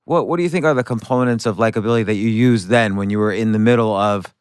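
A man's voice: on the low side, quick pace, clear, resonant tone, no echo, clean studio sound. A man hosting an interview, asking curious questions and searching for words as he goes. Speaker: interviewer, host.

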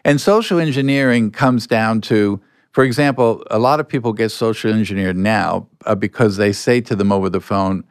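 An older man, a guest being interviewed, telling anecdotes in a relaxed way and acting out bits of dialogue. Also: lowish voice, moderate pace, smooth, no room sound, clean studio sound. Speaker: guest, former con artist. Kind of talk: storytelling interview answers.

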